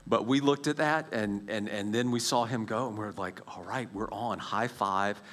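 A man in his forties sharing a personal faith testimony as a story, animated, with many restarts and quiet, hushed stretches at tense moments. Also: fairly low pitch, moderate pace.

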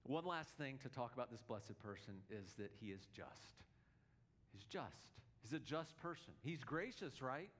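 A man's voice: mid-range voice, lively intonation, moderate pace, fairly bright tone. A male pastor preaching a sermon in an earnest, emphatic way, often repeating his words.

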